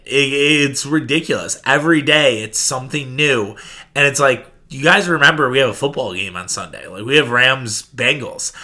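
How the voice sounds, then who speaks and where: A man's voice: medium pitch, bright, forceful tone. A man hosting a sports podcast, ranting in a profane, sarcastic, opinionated way. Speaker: podcast host.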